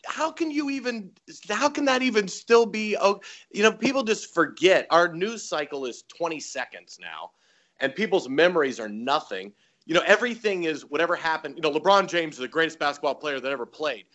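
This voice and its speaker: A man's voice: a little high, animated, fairly quick, fairly bright tone. A man, a comedian guest, telling a story in casual chat and acting out voices and sound effects.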